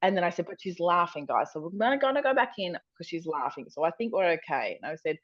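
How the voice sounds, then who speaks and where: An Australian woman stand-up comedian tells a story on a podcast, talking fast with hardly any pauses and swearing freely. She's animated, acting out quotes with big pitch jumps, in casual storytelling chat. The audio has no room sound but a dull lo-fi quality.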